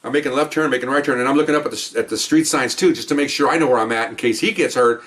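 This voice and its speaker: A man's voice: medium pitch, very fast, fairly bright tone, distant mic. A man who is a police officer telling stories from the job in a casual monologue, emphatic and often tagging his points with "okay?". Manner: emphatic, keeps adding "okay?".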